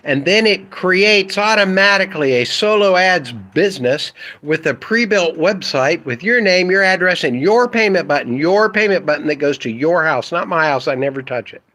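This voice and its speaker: A man who runs an internet marketing business, talking casually to camera in an excitable, blunt, rambling way with mild swearing. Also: a little high, moderate pace, no room sound, poor audio.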